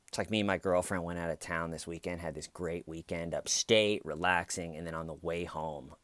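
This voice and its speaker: A man talking through a court case in loose, sarcastic commentary, swearing now and then and slipping into mocking impressions. His voice sits fairly low. The recording is dry and close, with no room sound. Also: normal speed, dry recording. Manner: sarcastic, profane, mimics people he talks about. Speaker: commentary channel host. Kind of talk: casual true-crime commentary.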